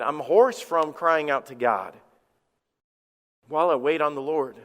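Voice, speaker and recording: Pastor preaching in a reverberant church. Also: male voice, on the high side, measured pace, fairly bright tone. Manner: conversational preaching with repetitions and personal stories. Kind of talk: sermon. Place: church sanctuary. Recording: long church hall reverb.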